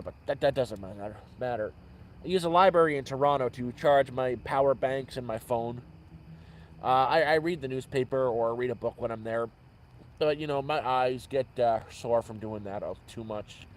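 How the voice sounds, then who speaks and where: Heard through a low-quality recording, this medium-pitched man tells meandering stories on a casual livestream from a nighttime outdoor camp, often stopping mid-sentence to correct himself.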